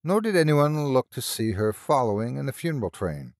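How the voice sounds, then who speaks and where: A man reading a ghost story aloud in a measured, expressive narration. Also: medium pitch, no room sound, studio quality.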